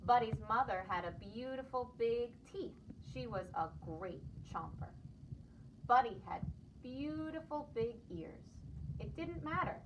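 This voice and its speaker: A woman preschool teacher reading a picture book aloud to children, expressive and lively. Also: a little high, measured pace, far from the mic, muffled recording, noisy background.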